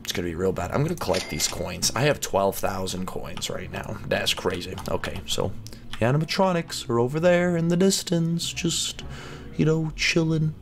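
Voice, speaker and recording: A man hosting a gaming channel, chatting and reacting excitedly as he plays through a game. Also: mid-range voice, moderate pace, vocal fry, background noise. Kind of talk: let's play commentary.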